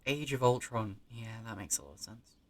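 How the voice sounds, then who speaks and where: A man's voice: mid-range voice, lively intonation, normal speed. A young man with a British accent talks to himself in a rambling, sweary way. He corrects himself often and drops into muttered asides. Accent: British English. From Britain. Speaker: vlogger. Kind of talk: rambling solo chat.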